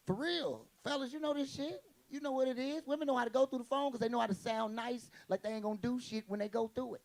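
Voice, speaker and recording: A man doing a stand-up comedy set, brash and profane, with quick punchy delivery and acted-out quotes, as the audience laughs. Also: very high-pitched, creaky.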